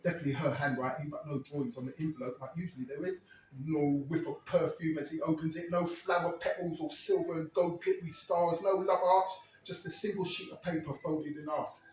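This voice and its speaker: A man's voice: on the high side, steady tone, fairly quick, darkish tone, slight background noise. A man performing a crude, wry monologue as a storyteller in a live one-man show. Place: stage at a live club. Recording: echoey room, mic far off.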